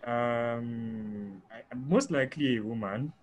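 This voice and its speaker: A man's voice: mid-range voice, takes it slowly, highs cut off, a little hiss or hum. A man hosting a webinar who reads out audience questions with a hesitant manner and many fillers. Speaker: webinar host. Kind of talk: moderating questions. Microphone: video call.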